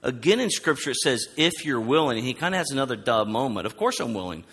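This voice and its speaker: A man preaching a sermon, animated, acting out quoted lines as he goes. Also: fast talker, husky. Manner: animated, acts out quoted lines with rising pitch. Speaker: pastor. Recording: long hall reverb.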